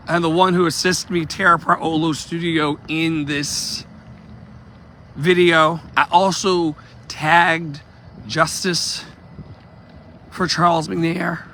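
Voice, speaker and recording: A man talks outdoors into his phone, emphatic and repetitive, turning aside to his viewers. His voice sits high and bright, and he takes his time over each phrase. Faint traffic hums in the background. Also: flat delivery, slow pace, long pauses. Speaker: activist vlogger. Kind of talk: impassioned street vlog. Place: outdoors on a street, walking.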